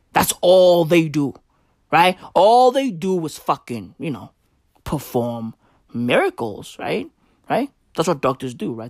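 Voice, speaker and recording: Man, casual profane rant, lively swooping pitch, dry close sound. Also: dry recording. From South Africa. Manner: profane, rambling, keeps asking "right?" and "you know?"; drifting, repetitive, offhand.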